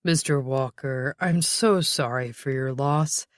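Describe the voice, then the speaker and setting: A puffy middle-aged detective, voiced by the audiobook narrator, calm and courteous. He asks questions slowly and politely. Dry, close recording. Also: mid-range voice, no room sound, close to an everyday voice. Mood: probing.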